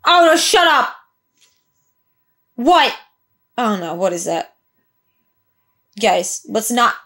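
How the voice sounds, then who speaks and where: Her fairly high, bright, sing-song voice moves extremely slowly with frequent pauses. As a reaction host, this young woman watches a show and exclaims, swears and cries out in distress before working through her thoughts in emotional commentary.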